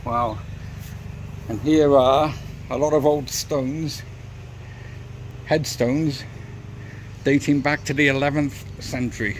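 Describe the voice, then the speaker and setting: A man's voice: medium pitch, fairly even intonation, slow, pauses often, a little hiss or hum. A middle-aged man, chatting casually to camera as a motorcycle vlogger while walking around outside by a church, rambling and talking straight to his viewers. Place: outdoors by a church and graveyard.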